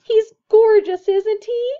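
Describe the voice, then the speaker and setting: A woman voicing an eager, bossy teenage girl who talks in a brisk, gushing way. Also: high-pitched, lively intonation. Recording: dull lo-fi recording.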